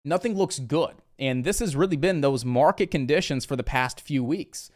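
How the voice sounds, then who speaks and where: A man from Indiana hosting a casual live trading stream, chatty and energetic, talking straight to his viewers. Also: fairly high pitch, normal speed.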